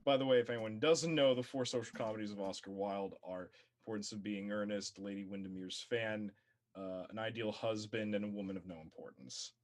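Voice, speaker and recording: A man co-hosting a casual chat, chatty and quick to laugh. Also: lowish voice, fairly even intonation. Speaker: podcast co-host.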